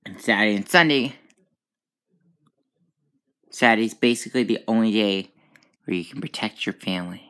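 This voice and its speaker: A woman hosting a gaming channel, talking through gameplay in a rambling, excitable way with sudden high outbursts. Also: moderate pace, long pauses. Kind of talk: casual gameplay commentary.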